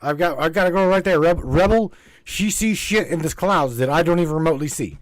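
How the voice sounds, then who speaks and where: With a slightly high voice and a slightly quick delivery, a man running a spiritual livestream banters with his chat in a casual way. He rambles, repeats himself, presses his points emphatically and swears freely, and the sound has no echo.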